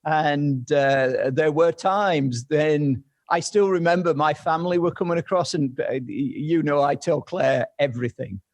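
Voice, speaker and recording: A man with a British accent, the guest and founder of a company, answering in a measured way with frequent pauses. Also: fairly high pitch, a little mellow. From Britain. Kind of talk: casual interview talk.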